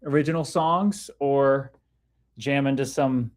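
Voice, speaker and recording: Speaking slowly in a medium-pitched, somewhat dark voice, a man runs a casual livestream on spiritual topics. He reads viewers' comments aloud and says hello to them by name.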